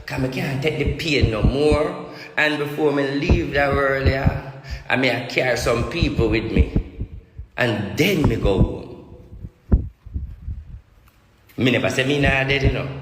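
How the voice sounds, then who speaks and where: A man's voice: mid-range voice, noisy background. A Jamaican man speaks as a self-proclaimed prophet, pressing each point with emphatic repetition. The sound rings through an echoey room, with a long reverb tail after each phrase. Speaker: self-styled spiritual prophet. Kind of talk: ranting monologue.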